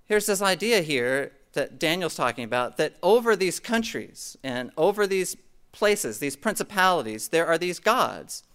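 A man's voice: on the high side, very animated, a little slow, a bit bright, smooth. A middle-aged man preaching a conversational sermon, teaching from scripture and often checking in with "okay?". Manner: conversational, frequent "okay?" check-ins, asides to the congregation. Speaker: pastor.

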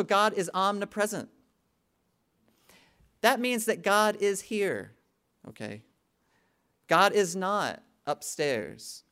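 A man's voice: fairly high pitch, fairly bright tone, smooth. A middle-aged man preaching a sermon in a conversational way. He keeps checking in with the congregation and builds to emphatic peaks. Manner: frequent "okay?" check-ins with the congregation. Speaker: pastor.

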